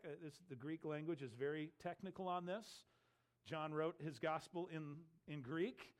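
A male Bible teacher walks through scripture verse by verse. His voice sits a little high, and he puts weight on his points with frequent rhetorical questions. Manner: emphatic, rhetorical questions to listeners.

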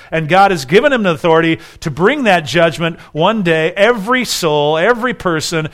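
A male pastor with a slightly raised pitch preaches at length, building stacked rhetorical questions toward emphatic declarations. His delivery swells and drops as he presses each point home. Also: fairly bright tone. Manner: voices the accusers with sharper, raised delivery. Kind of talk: sermon.

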